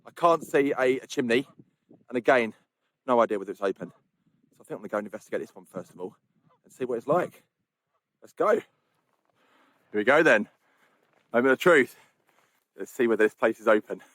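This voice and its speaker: Chatty southern English hiker. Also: male voice, mid-range voice, expressive, brisk, pauses often, a bit bright, no room sound. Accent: southern English, home counties. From southern England, home counties. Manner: chatty and enthusiastic, laughs often. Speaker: hiking vlogger. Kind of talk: outdoor vlog narration. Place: outdoors on snowy moorland.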